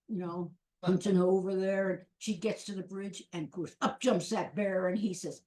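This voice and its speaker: A woman telling a folk tale to a live audience, moving in a rhythmic, repetitive way and leaning on playful sound words. Her pitch sits in a middle range. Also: moderate pace, dark tone. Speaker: storyteller.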